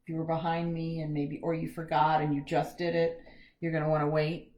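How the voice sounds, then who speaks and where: A woman's voice: low-pitched, flat delivery, fairly quick, darkish tone. A woman teaching a live step-by-step painting lesson from home, chatty and self-deprecating, with corny jokes. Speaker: art teacher.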